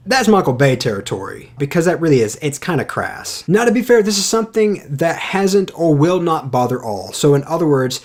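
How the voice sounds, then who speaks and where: A man's voice: fairly high pitch, very animated, normal speed. A man giving a casual spoken film review, blunt and opinionated.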